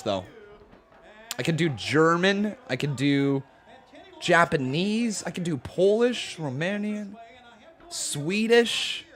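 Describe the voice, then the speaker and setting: A loud, excitable man hosting a live watch-along stream, chatting and reacting as he goes. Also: on the high side. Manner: loud and excitable, laughs often.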